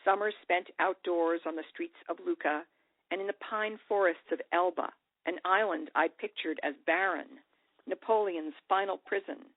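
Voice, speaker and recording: A woman's voice: fairly low pitch, no echo. Tinny-sounding woman reading her own essay. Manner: measured, reflective storytelling. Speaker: author. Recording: dry, tinny radio broadcast audio.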